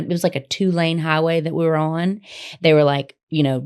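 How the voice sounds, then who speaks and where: A woman co-hosting a podcast from a studio, her voice sitting a little low. She tells stories in a loose, animated, rambling way, full of asides. It is relaxed, casual chat. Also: fairly quick, smooth. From Memphis, Tennessee. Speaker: podcast co-host.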